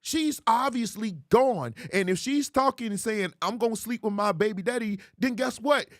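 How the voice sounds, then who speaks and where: A man hosting a commentary show on viral clips, animated and mocking, laughing often and jumping into high squeals to ridicule. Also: moderate pace, no echo. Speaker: host.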